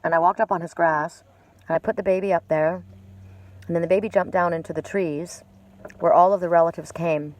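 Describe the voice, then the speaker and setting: A woman's voice: on the low side, steady tone, a little fast. Woman, live-stream card reader; loose, chatty, spiritual tone, talking outdoors by water. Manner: rambling, chatty, with many fillers and restarts; gentle spiritual encouragement. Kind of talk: casual live-stream chat with viewers. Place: outdoors at a lakeside cove.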